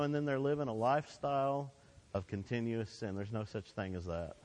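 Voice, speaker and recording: A man's voice: medium pitch, normal speed, darkish tone. A male pastor preaching a sermon in a church, with emphatic delivery that swells and drops and leads the congregation in call-and-response. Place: church sanctuary. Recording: long hall reverb.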